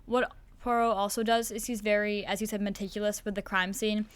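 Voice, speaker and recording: A teenage girl speaks in a smooth, clear voice at a middle pitch. She answers questions thoughtfully and chattily, pausing now and then with small fillers. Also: flat delivery. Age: teens. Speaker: student actor, interview guest. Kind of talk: casual chat on a school podcast.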